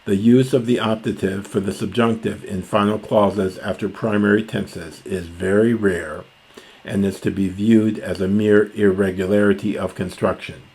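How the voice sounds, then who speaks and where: A man reading ancient Greek lines aloud and explaining them word by word, with many pauses, fillers and self-corrections. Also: lowish voice, steady tone, darkish tone. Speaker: classics lecturer.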